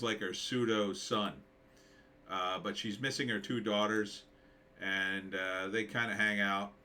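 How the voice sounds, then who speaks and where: Reviewing a movie trailer, a man who writes screenplays rambles casually, musing aloud and leaning on lots of filler words. He speaks in a lowish, bright, forceful voice.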